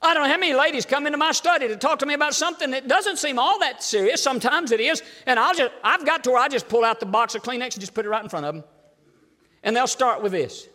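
Older man preaching, high and bright, long church reverb. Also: quick pace. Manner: emphatic, folksy preaching with sudden drops to low asides. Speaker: pastor. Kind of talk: sermon. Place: church sanctuary.

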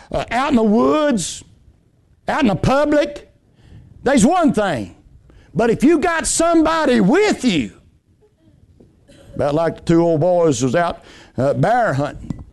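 Man, preacher, fervent sermon, high-pitched voice, folksy, swings from loud to hushed. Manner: impassioned, swinging between high emphatic lines and low hushed ones; folksy storytelling with homespun anecdotes.

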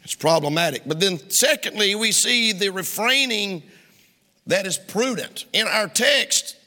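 A man with a Southern US accent preaching a sermon in a church, emphatic and pressing his points, sometimes rising to a shout. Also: high-pitched, lively intonation, unhurried. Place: church sanctuary. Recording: long hall reverb.

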